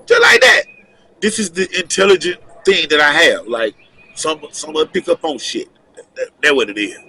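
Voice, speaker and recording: A man telling a long personal story in a casual interview, animated and loose, with many asides and acted-out quotes. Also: on the high side, normal speed, slight background noise. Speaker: guest storyteller.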